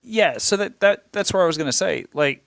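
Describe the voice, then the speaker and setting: Male podcast guest, measured, mid voice, dry. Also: high voice, expressive, creaky, a bit bright, no echo. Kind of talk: casual sports chat.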